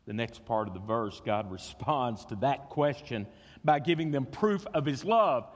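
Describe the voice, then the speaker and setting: A man's voice: medium pitch, animated, measured pace. A man preaching a sermon, acting out voices and repeating words as he goes. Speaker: pastor. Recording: long reverb of a church hall.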